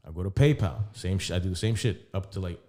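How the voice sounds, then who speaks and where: A man's voice: deep voice, lively intonation, fast talker, dark tone. A young adult man casually telling a long personal story on a podcast, acting out both sides of a conversation with lots of profanity and laughter. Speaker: podcast co-host.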